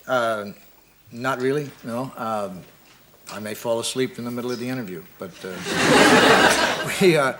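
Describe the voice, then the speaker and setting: An American man, a comedian guest on a talk show, speaking in an understated, halting way with many restarts. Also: medium pitch, lively intonation, very noisy. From United States.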